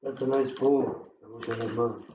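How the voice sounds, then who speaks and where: A man playing a tabletop game, joking and thinking his moves through out loud. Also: mid-range voice, background noise. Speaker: player. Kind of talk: casual tabletop play. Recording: roomy, dull, distant home recording.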